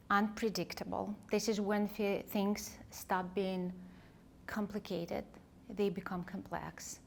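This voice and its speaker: A woman leadership coach and author, speaking as an interview guest in a thoughtful, heartfelt way, often pausing to search for words. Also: medium pitch, flat delivery, vocal fry, slight background noise. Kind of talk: reflective conversational interview.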